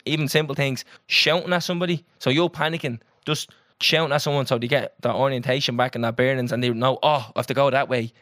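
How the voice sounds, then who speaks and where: A young Irish man co-hosting a podcast, telling a story in an animated, sweary, casual way. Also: medium pitch, no room sound, clean studio sound. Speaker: podcast co-host. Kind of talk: casual chat.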